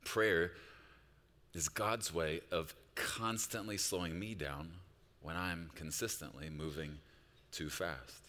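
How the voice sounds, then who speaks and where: A pastor delivering a sermon, moving between quiet reflective passages and loud, urgent appeals. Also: male voice, deep voice, fairly even intonation, takes it slowly, long reverb tail. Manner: swings from hushed reflection to loud, rising exhortation.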